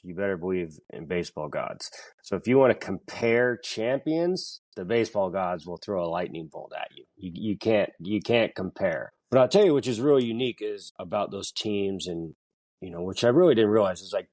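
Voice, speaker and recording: A man's voice: deep voice, a little mellow, no echo. A man from Northern California, a former pro ballplayer, telling stories as a podcast guest in a rambling, filler-heavy way. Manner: rambling, lots of fillers and restarts. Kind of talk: casual interview storytelling.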